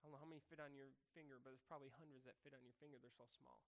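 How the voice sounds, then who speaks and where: A man's voice: medium pitch, fairly even intonation, very fast, gravelly. A man preaching a casual sermon, reading scripture and then explaining it in a loose, conversational way that corrects itself as he goes. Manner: conversational, self-correcting, chuckles at himself. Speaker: pastor.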